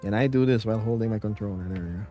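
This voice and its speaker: Rapid-fire and warm, this man's lowish voice runs over faint music. With a light Filipino accent, he's live-streaming from his home in the Philippines, chatting playfully, rambling on and reading the chat aloud.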